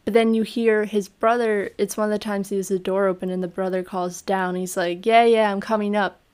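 A woman's voice: mid-range voice, brisk, smooth. A woman co-hosting a podcast, chatting casually about a horror film and acting out lines as she goes. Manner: animated, acts out quotes from the film. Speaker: podcast co-host. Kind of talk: casual film review chat.

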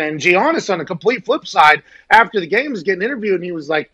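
A man hosting a casual sports talk show, excitable and rambling, joking as he goes, short on sleep. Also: high voice, fast talker, hardly any pauses, breathy edge.

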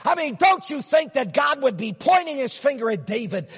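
In a large church, a pastor with an extremely high, very animated voice preaches at a moderate pace. His sermon shifts between near-whispers and loud, emphatic bursts, full of repeated words and stacked rhetorical questions, and the recording has a dull, reverberant hall quality.

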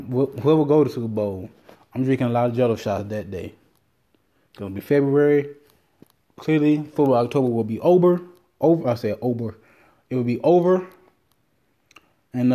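A man with a mellow, relaxed voice talks alone on his podcast. He rambles from topic to topic, swears freely and tells stories with lively energy. His pitch sits in an ordinary middle range for a man. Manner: profane, rambling, animated storytelling. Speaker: podcast host. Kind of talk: casual solo podcast rant.

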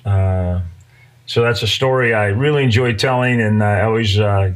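A man's voice: on the low side, normal speed. Folksy man telling a story. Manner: folksy, conversational, many fillers. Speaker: podcast host.

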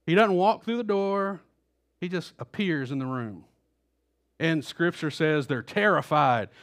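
A man with a high voice preaches in a church, telling the story in a relaxed, conversational way. He repeats his words now and then and acts out the quoted lines as he goes. He speaks into a stage microphone. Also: measured pace. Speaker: pastor. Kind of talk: sermon. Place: church auditorium.

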